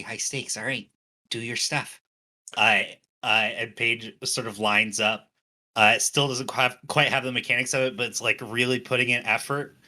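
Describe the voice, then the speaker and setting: Bright-voiced man playing a tabletop game. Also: fairly low pitch. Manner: chatty, describes own character's moves. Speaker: player. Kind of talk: casual tabletop game play.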